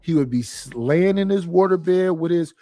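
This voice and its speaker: A man's voice: a little high, moderate pace, warm tone, no echo. A middle-aged man talking bluntly and profanely on a panel, rambling and stopping to restart his sentences. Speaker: panel guest. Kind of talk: casual opinion talk.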